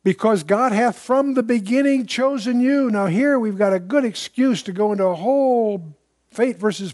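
High-voiced older man teaching Bible. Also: dark tone, no room sound, studio quality. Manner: conversational, digressive, emphatic asides. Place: room with a live audience.

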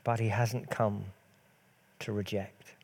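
Mellow-voiced male preacher. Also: fairly low pitch, level tone, slow pace, vocal fry, slightly rough. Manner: earnest, rhetorical questions, swells and drops in volume. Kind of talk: sermon.

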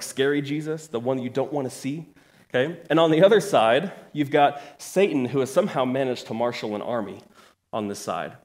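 A man in his thirties preaching a sermon to his church, conversational with joking asides and emphatic rises. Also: a little high. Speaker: pastor.

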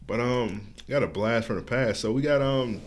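A man's voice: mid-range voice, moderate pace, slight background noise. A man co-hosting a podcast in casual chat, joking around and laughing often. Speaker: podcast co-host.

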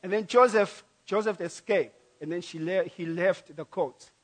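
Preacher delivering a sermon; high-pitched man, emphatic, repetitive, dynamic. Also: normal speed. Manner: emphatic, repeats key phrases, swings from loud to soft.

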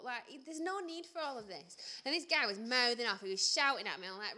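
An English woman co-hosting a podcast, telling a story in casual chat, animated and laughing, acting out what people said. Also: a little high, fast talker, hardly any pauses. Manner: animated, laughing, acts out quotes. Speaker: podcast co-host.

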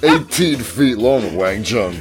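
A man's voice: medium pitch, lively intonation, slow pace, over loud music. A man co-hosting a casual comedy podcast, a bit buzzed on beer, crude and laughing often. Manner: crude, joking, laughs a lot. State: tipsy from beer. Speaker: podcast co-host.

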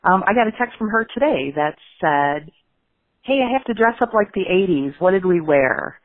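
Woman caller from Chicago, low voice, warm, gushing, tinny phone line. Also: expressive, moderate pace. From Chicago, USA. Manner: warm, gushing praise of a friend. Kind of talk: call-in message.

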